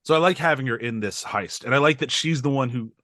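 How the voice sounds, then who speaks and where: A man's voice: mid-range voice, fast, fairly bright tone, dry recording, clean studio sound. A man co-hosting a podcast, talking through a movie in a rambling, enthusiastic way with lots of fillers. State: over-caffeinated. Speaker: podcast co-host. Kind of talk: casual movie discussion.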